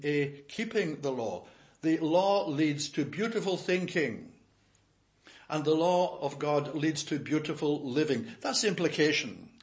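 An older male preacher delivers an expository sermon, reading a passage and then unpacking it phrase by phrase. His voice sits a little higher than most men's, and he stresses each point with measured emphasis. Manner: reads scripture aloud, then explains it slowly and emphatically.

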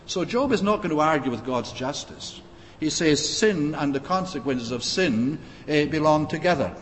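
A man's voice: a little high, lively intonation. Man preaching in a reverberant hall. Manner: measured, frequent "uh" pauses, reads scripture in old-fashioned wording. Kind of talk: expository sermon. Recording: long reverb, faint background noise.

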